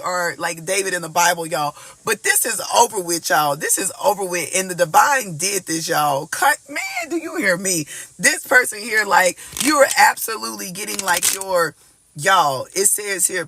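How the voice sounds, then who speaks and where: Animated, bright-voiced man giving a tarot reading. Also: high-pitched, creaky, no room sound. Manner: animated, emphatic, repeats "y'all" and "like" constantly; breaks into snatches of gospel song. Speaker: tarot reader. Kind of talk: casual collective tarot reading.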